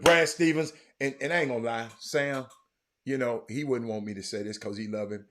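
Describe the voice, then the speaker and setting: A middle-aged man, hosting a casual, rambling talk to viewers. He talks in an animated, repetitive way, with many fillers and sudden bursts of excitement. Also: lowish voice. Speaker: show host.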